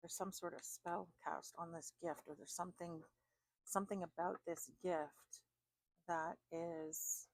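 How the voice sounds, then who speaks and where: Woman card reader, low gravelly voice, dry close sound, rambling, talks things through as she goes. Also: steady tone, a little slow, dry recording. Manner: chatty, thinks aloud with fillers and restarts. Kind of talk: spoken oracle card reading.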